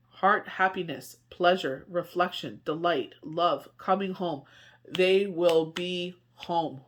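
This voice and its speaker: Woman, tarot reader, rambling casual delivery with lots of asides and fillers. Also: on the low side. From Canada. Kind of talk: casual spoken tarot reading.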